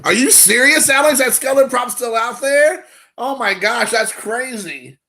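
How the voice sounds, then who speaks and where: A man hosting a card collecting live stream, chatting casually and excitably with viewers, rambling and addressing them by name. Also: extremely high pitch, normal speed, creaky, husky. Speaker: card collecting channel host.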